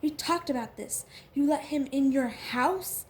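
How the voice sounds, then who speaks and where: A husky Southern young woman with a steely, scornful edge, as a woman reader puts her on. Her voice sits high and comes out loud and cutting. It is an audiobook character voice. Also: unhurried, slight background noise. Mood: furious. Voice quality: husky twang.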